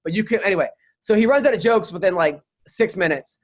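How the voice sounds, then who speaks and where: A man from New York hosting a podcast, telling swear-laden stories about comedy gigs in a casual, animated way. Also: high voice, fast talker. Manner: swears freely, animated storyteller who acts out the people in his anecdotes. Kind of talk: casual storytelling chat.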